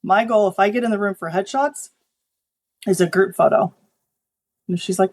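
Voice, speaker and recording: A woman photographer chats as an interview guest, her pitch sitting right in the ordinary middle. She tells stories from her shoots with lively energy and briefly takes on the voices of clients and colleagues. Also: normal speed. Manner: animated storytelling, acting out quoted people. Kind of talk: conversational interview.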